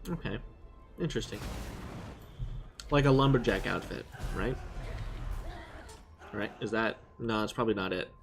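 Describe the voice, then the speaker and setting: A man's voice: on the low side, moderate pace, creaky, pauses often, faint music behind. A man streaming a video game, chatting casually and rambling as he thinks aloud. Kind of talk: casual live-stream chat.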